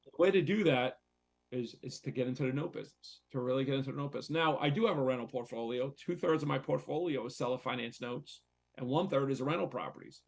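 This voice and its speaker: A man's voice: mid-range voice, fast talker, gravelly. A man, a real estate investor and coach, speaking candidly and conversationally on a talk show, repeating himself as he tells a personal story. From United States.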